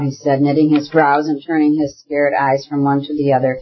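A narrator reading a classic novel aloud in a steady, measured way. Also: medium pitch, husky, lo-fi sound. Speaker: audiobook narrator.

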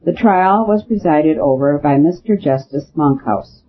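A man's voice: a little high, expressive, measured pace, husky. Man narrating a storybook, dull recording. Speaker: audiobook narrator. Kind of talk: scripted narration. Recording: dull lo-fi with faint hiss.

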